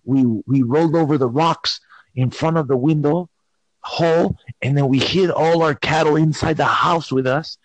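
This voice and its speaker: Husky male caller, dry close sound, theatrical comic storyteller who slips into whispers. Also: fairly high pitch, steady tone, normal speed, dry recording. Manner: theatrical, switching into whispers and silly voices. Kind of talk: playful improvised storytelling.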